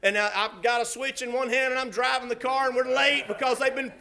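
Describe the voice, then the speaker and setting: Male preacher, sermon, very high voice, bright tone, fervent, hushed to shouting, laughs a lot. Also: level tone, brisk. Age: adult with children.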